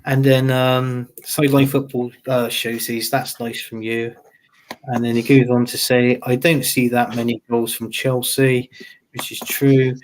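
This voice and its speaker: A man's voice: mid-range voice, little pitch movement, measured pace. A man hosts a football show, reading out viewer comments. He keeps it loose and chatty and laughs often. He repeats his phrases as he goes. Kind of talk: casual live-stream chat, reading viewer comments.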